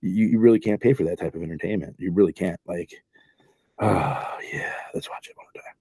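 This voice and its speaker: A man's voice: sits low, fairly quick, creaky, warm tone, breathy edge, no room sound. A man hosting a stream, reacting to clips in laid-back, casual commentary with chuckling asides.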